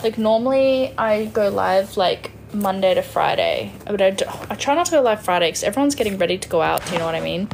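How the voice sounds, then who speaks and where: Aussie girl in her 20s live streaming on her phone, bit of vocal fry, chatty, faint hiss behind. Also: medium pitch, lively intonation, brisk, hardly any pauses, a little mellow. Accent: Australian. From Western Australia. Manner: chatty, reads viewer comments aloud and answers them. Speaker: livestreamer. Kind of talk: casual live-stream chat reading comments.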